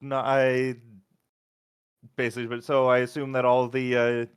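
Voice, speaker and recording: A man playing in a tabletop game, easygoing and quick to laugh. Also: medium pitch, monotone, smooth, no room sound, studio quality. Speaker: player. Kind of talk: casual tabletop role-play.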